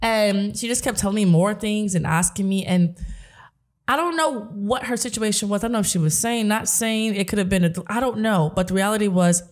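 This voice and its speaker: A woman's voice: mid-range voice, fairly quick. A woman hosting a podcast, telling stories in a chatty way with lots of "like" fillers. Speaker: podcast host. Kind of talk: casual podcast chat.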